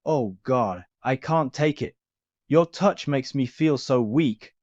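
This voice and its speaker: A man voicing a tender, affectionate young man in love, speaking softly and sentimentally. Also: medium pitch, takes it slowly, no echo, close to an everyday voice. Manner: soft, gushing and sentimental. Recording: dull lo-fi recording.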